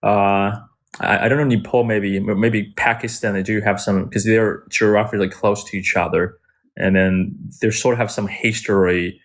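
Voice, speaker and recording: A man's voice: on the low side, level tone, moderate pace. A man whose first language is Chinese, patiently explaining English phrases with frequent restarts. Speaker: English conversation partner. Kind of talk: casual explaining.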